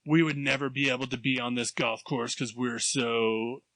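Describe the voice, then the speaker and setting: A man's voice: medium pitch, fairly even intonation, moderate pace, pushed and bright, dry recording. A middle-aged man co-hosting a podcast, telling a rambling, self-mocking story in casual chat. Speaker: podcast co-host.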